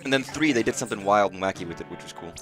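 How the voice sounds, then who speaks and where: A man's voice: fairly low pitch, expressive, racing, music in the background. A man giving casual, profane, rambling commentary while streaming a video game live. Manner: rambling, profane, restarts phrases.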